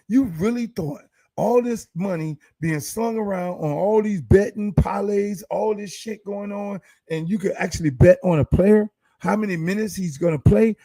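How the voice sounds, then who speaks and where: A man's voice: fairly high pitch, warm tone, dry recording. A man hosting his own podcast, ranting in a casual, profane, heated way and firing off rhetorical questions. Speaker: podcast host.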